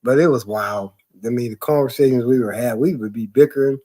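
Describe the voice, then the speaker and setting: A man's voice: mid-range voice, quick pace, mellow. A man telling loose, profane stories in casual chat, rambling with fillers and laughing often. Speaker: podcast talker.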